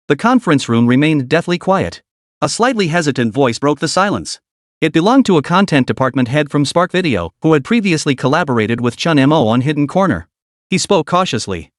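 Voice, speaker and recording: A man narrating a scripted web novel story, with quick shifts in tone for the quoted characters. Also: fairly high pitch, no room sound, studio quality.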